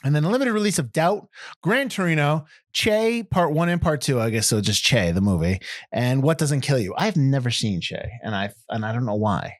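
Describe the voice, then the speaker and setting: A man's voice: mid-range voice, animated, moderate pace, dry recording, clean studio sound. Rambling American podcast host man. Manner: rambling, self-correcting, reads out figures. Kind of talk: casual chat.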